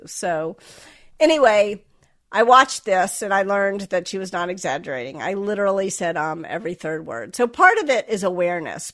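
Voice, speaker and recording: A woman's voice: on the low side, fairly bright tone. A middle-aged woman from the American South, without a Southern accent, speaking as an interview guest in a reflective, self-deprecating way with frequent restarts. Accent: General American, Southern accent dropped. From Southern United States. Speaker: author and guest. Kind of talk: candid interview talk.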